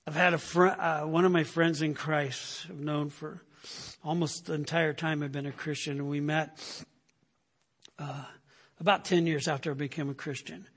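An older man preaching a sermon, telling animated stories and repeating phrases for emphasis. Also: on the high side, moderate pace, slightly rough. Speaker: pastor. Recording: long hall reverb.

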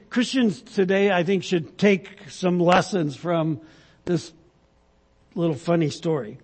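A man preaching a sermon to his church, speaking haltingly with many fillers and frequent "right?" asides. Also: high-pitched, long reverb tail. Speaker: pastor. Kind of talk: sermon with a told joke.

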